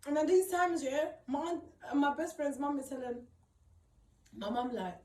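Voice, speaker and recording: A young woman gives emotional personal testimony, tearful and upset as she rambles, repeats herself and uses emphatic slang. Her voice sits high with a darkish tone at normal speed, captured by a distant mic in a roomy space.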